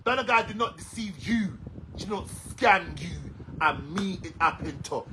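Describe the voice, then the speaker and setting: A Jamaican-accented man who comments on social media delivers an angry, heated rant to his followers, swearing and saying things over and over. His high voice is expressive, bright and forceful at a moderate pace, captured on a rough recording with slight background noise.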